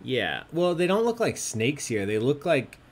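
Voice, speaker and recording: A man's voice: mid-range voice, big pitch swings, a little slow. A man hosting an online trivia game, chatty and jokey, often laughing as he reads out answers. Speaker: trivia host.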